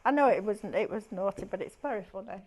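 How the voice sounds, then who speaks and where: A woman's voice: medium pitch, lively intonation, fast talker, darkish tone. A woman hosting a live craft shopping show, chatting casually, teasing her co-host and reading out viewer comments.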